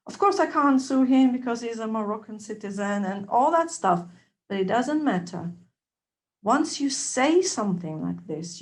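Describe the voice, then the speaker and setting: A woman giving a testimonial, telling a personal story in an animated way, moving between soft asides and emphatic lines. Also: mid-range voice, moderate pace. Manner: animated, acts out dialogue, loudness swings between soft and emphatic. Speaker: trainee observer giving a testimonial.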